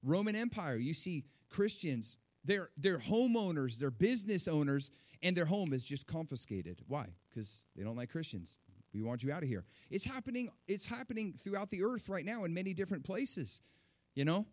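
Animated preaching man, slightly high voice. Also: normal speed. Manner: animated preaching with rising emphasis and repeated words. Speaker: pastor. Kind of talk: sermon.

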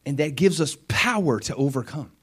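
A middle-aged man preaching with lively, theatrical energy. He acts out conversations in different tones and sometimes drops to a near whisper. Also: on the high side, normal speed, slightly rough. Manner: animated, acts out prayers and Jesus' replies, drops to whispers. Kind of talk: sermon.

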